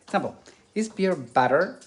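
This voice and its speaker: A man's voice: fairly high pitch, lively intonation, normal speed, slight background noise. A man with Spanish as his first language and a lingering cough, chatting casually while cooking in a home kitchen and searching for English words. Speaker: cooking video co-host.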